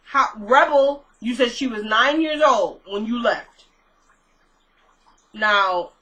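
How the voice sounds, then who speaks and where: A woman's voice: on the high side, takes it slowly, long pauses, sharp tone, lo-fi sound. A woman chatting casually to her viewers as she recaps a TV episode, thinking aloud and questioning what she saw.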